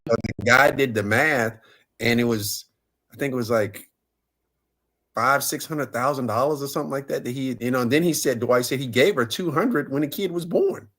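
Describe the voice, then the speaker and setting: A man's voice: mid-range voice, normal speed, a bit bright. A man co-hosting a casual relationship talk show, chatty and loose, often restarting his sentences. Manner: chatty, loose, repeats himself mid-sentence. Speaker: co-host.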